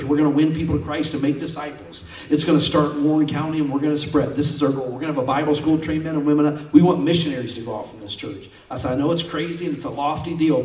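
A man's voice: medium pitch, a little mellow. A male pastor preaching a sermon, telling stories in a folksy, conversational way. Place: church sanctuary. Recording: roomy sound from far off.

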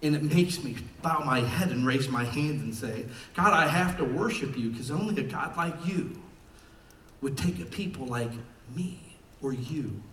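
A man's voice: fairly high pitch, expressive, normal speed, slight background noise. Passionate preacher man in an echoey church. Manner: passionate, swings from quiet to shouting. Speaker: pastor. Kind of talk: sermon. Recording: echoey church room from far off.

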